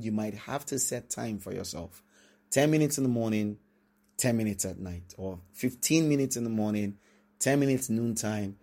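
A man preaching a sermon, reading scripture slowly and breaking into quick acted-out asides. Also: mid-range voice, darkish tone. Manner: reads scripture slowly, then talks fast with many asides.

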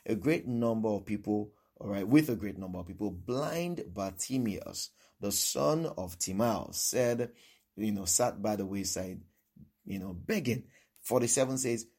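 A man's voice: fairly low pitch, lively intonation, normal speed, creaky, darkish tone, slightly rough. A male preacher giving a sermon who repeats his points and keeps asking "all right?".

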